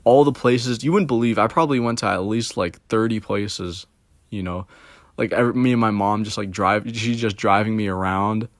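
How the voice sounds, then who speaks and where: Rambling young man with a low voice. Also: normal speed, no echo. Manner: rambling, heavy filler words, swearing. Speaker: streamer. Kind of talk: casual storytelling.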